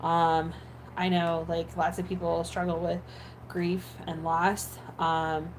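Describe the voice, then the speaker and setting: A woman's voice: on the low side, monotone, takes it slowly, a little hiss or hum, rough recording. A woman who makes ASMR videos chatting casually while editing, rambling with many fillers and restarts. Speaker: ASMR creator.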